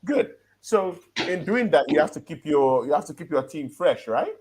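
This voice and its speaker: A man's voice: on the high side, moderate pace, slight background noise. A man co-hosting a football chat show, talking casually and with lots of energy, often checking in with "yeah?" and "right?" and breaking into laughs. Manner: animated, laughing, walks through his argument with "yeah?" and "right?". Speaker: football podcast co-host.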